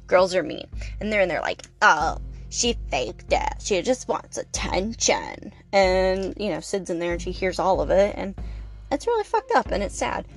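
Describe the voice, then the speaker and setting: This is a young woman hosting a podcast, riffing through a movie recap in loose, casual chat. She swears freely, piles on fillers and jokey asides, and speaks at a middle pitch. A little music plays faintly underneath. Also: darkish tone. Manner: chatty, profane, lots of fillers and playful asides. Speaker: podcast host. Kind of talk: casual movie review commentary.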